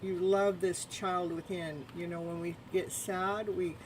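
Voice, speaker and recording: A woman's voice: fairly low pitch, level tone, unhurried, a little mellow, slight background noise, low-quality recording. A woman hosting a live tarot stream, repeating soothing spiritual phrases and chatting with viewers between cards. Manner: laughs often and chats with viewers.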